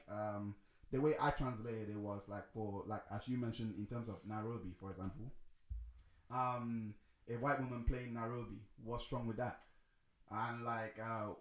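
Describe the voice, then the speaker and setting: A man co-hosting a casual podcast chat, telling a story in a rambling way, full of restarts and fillers. His voice sits at an ordinary pitch. The room around him rings with a roomy echo. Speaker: podcast co-host.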